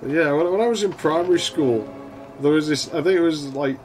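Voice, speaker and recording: A young gaming channel host chats casually over music while playing an old console game, telling a school story, laughing often and swearing freely. His voice is on the high side and brisk.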